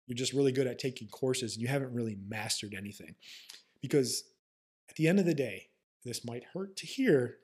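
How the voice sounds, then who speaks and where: A man's voice: mid-range voice, darkish tone, slightly rough. A man hosting a podcast, a manual therapist talking in a blunt, profane and sarcastic way.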